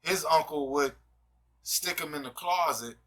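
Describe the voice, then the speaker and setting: A man's voice: on the high side, unhurried, sharp tone, far from the mic, low-quality recording. A man hosting a casual discussion show in an emphatic, preacher-like way, often asking "you see what I'm saying". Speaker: host.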